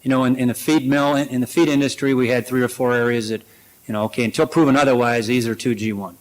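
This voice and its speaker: A man's voice: medium pitch, fairly even intonation, fast, rough recording. Man giving a practical conference talk. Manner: practical, conversational, many fillers. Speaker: conference speaker. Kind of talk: presentation and Q&A.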